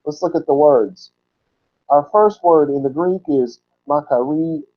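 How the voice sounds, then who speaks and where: A man teaching from the Bible in a sermon style, explaining word roots and repeating key words slowly for emphasis. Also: on the high side. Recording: dull lo-fi recording.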